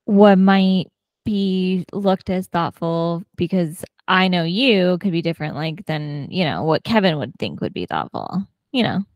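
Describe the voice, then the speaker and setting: A woman co-hosting a podcast in casual chat, talkative and quick to laugh. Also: fairly low pitch, animated, no echo, highs cut off. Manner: chatty, laughs often, many fillers. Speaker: podcast co-host.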